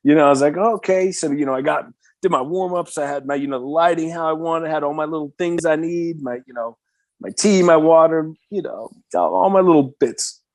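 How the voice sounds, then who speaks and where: A man in his fifties from the Bay Area is telling a story as a podcast guest. His voice sits a bit high for a man and he sounds excitable, packing his talk with fillers and swearing freely. The sound is close and dry, with no room. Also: brisk, no echo. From San Francisco Bay Area. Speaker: podcast guest, metal singer. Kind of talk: casual storytelling in conversation.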